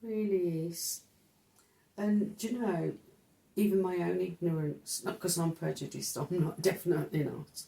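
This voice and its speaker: A woman's voice: on the low side, moderate pace, vocal fry, mellow, roomy sound. A middle-aged woman chatting agreeably as co-host. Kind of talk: casual chat.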